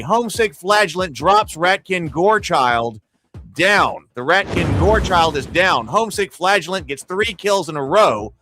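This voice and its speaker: A man running a live tabletop arena battle as game master, calling hits and damage play-by-play and cheering on the dice. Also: on the high side. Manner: excitable, cheers and pleads over dice results.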